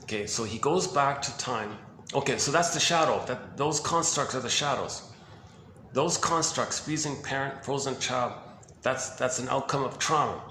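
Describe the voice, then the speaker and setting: A man's voice: medium pitch, moderate pace, sharp tone. A man giving a rambling, casual talk about psychology, thinking aloud with many restarts. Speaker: video host. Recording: roomy echo with faint hiss.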